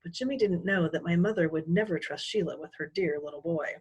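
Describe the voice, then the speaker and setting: A woman teacher reading a children's chapter book aloud in an expressive, animated way. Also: lowish voice, fairly quick, breathy edge. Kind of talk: storybook read-aloud.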